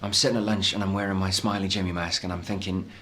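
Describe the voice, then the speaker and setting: An actor playing a worried man weighed down by a secret, who speaks haltingly in a TV drama. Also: deep voice, little pitch movement, background noise, close to an everyday voice. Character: anxious man burdened by a secret. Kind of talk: TV drama acting.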